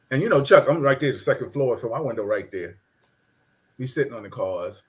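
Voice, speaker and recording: A middle-aged man tells a childhood story in casual conversation, animated and laughing often as he acts out the voices of the people involved. His voice is mid-range and fairly quick.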